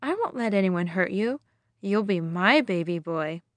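A woman voicing a kind young princess who speaks gently and soothingly. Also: medium pitch, expressive, unhurried, no room sound, close to an everyday voice. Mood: gentle.

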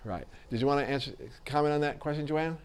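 Halting, fairly high-voiced male teacher. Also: clean tone. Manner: hesitant, repeats words and fillers. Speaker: class teacher. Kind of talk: classroom lecture and reading aloud.

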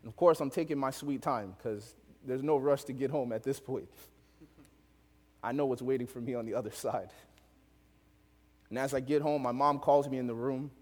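A young man preaching, telling a story from his childhood in an animated way, laughing often and acting out the voices of the people in it. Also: medium pitch, normal speed, long pauses, in a large hall. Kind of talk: storytelling sermon.

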